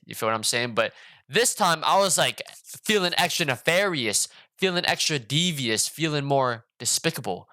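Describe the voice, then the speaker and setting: A man vlogger telling a casual story with lots of slang and cursing, animated and quick to joke. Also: mid-range voice, no room sound. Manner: slangy, animated, swears often.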